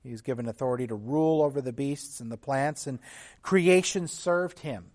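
A man preaching a sermon as a pastor, teaching in an earnest tone, with restarts and occasional throat clearing. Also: mid-range voice, moderate pace, darkish tone.

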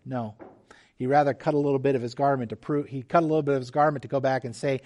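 Pastor preaching in an earnest, measured way. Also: male voice, mid-range voice, fairly even intonation, a little mellow. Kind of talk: sermon.

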